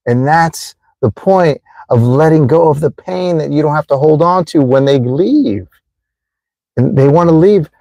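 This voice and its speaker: Earnest man with a mellow voice. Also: on the high side, expressive, moderate pace, no echo. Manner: repetitive, pleading, addresses viewers directly. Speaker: livestream host giving life advice. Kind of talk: earnest motivational livestream talk.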